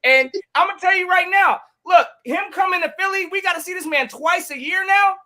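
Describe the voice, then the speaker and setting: A man's voice: very high-pitched, brisk, over a noisy crowd. A man from co-hosting a sports podcast, talking animatedly and trash-talking a rival team. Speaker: podcast co-host. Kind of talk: casual sports talk.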